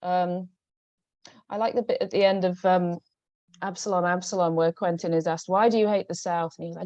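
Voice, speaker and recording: Novelist guest, woman, Northern English accent, mellow low voice, hesitant, dull call audio. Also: steady tone, a little fast, no echo. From Northern England. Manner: hesitant, many restarts and ums. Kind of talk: conversational book talk. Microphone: video call.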